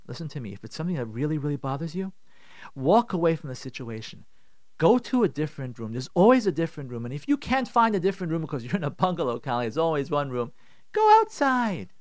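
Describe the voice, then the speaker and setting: A man's voice: a little high, no echo, studio quality. A middle-aged man, a rabbi hosting a radio show, giving emphatic, repetitive advice and acting out the complaints he quotes. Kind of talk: animated radio advice talk.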